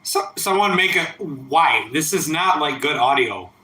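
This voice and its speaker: A man's voice: fairly high pitch, expressive, a little slow, pushed and bright, echoey room, low-quality recording. A man in his thirties streaming late at night, drinking and a bit tipsy, talking in a profane, rambling, defiant way. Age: 30s. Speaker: livestreamer. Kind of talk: casual late-night livestream chat.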